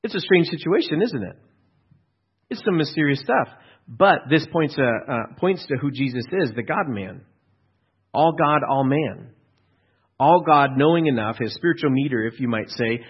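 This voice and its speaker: A male pastor with a mid-range, slightly rough voice delivers a sermon in a conversational, storytelling style, asking his listeners rhetorical questions. The recording is dull and lo-fi.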